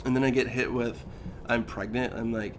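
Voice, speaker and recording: A man's voice: medium pitch, normal speed, slight background noise. A man in his thirties, a podcast co-host, telling a personal story in casual chat and acting out the lines he quotes. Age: 30s. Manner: animated, acts out quoted lines, says "dude" and "like" a lot.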